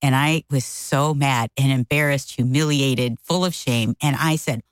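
At a measured pace, a middle-aged woman co-hosting a casual talk show tells a story, acting out what people said with large jumps in pitch. Her manner is animated. The recording is rough, with no room sound.

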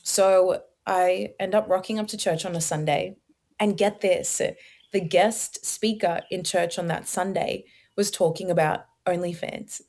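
A young adult woman, telling her personal testimony as a podcast guest in an animated, slangy way. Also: on the low side, measured pace. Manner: animated storyteller, slangy, many likes and ums.

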